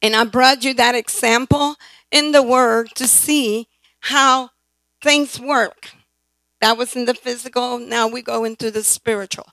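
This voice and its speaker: Pushed, bright, and steady in tone, her high-pitched voice moves at a measured pace through an emphatic sermon. This woman preacher keeps asking the congregation "right?" and "amen?" to get responses. It's a dry, low-quality recording with no room sound.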